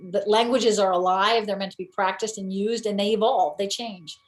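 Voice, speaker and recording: A woman's voice: mid-range voice, fairly even intonation, moderate pace, rough recording. A woman from New England hosts and moderates a panel on teaching English, speaking hesitantly with many fillers.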